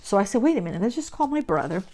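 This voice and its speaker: Animated middle-aged woman telling a story. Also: mid-range voice, rapid-fire. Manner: animated storyteller, acts out quotes. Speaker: crafting vlogger. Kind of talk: casual storytelling while crafting.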